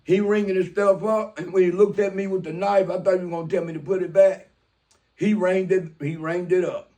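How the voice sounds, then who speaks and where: With a high-pitched, mellow voice that holds a steady tone, this man from Mobile, Alabama talks briskly. In his sixties, he recounts a street story in profane, streetwise fashion, voicing each character's lines, as casual personal storytelling.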